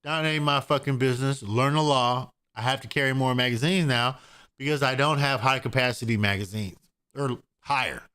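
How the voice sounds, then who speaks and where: A man's voice: mid-range voice, fairly even intonation, moderate pace, bright, forceful tone, smooth. A man from Oregon giving a casual vlog rant in a blunt, profane, repetitive way. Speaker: gun owner vlogger.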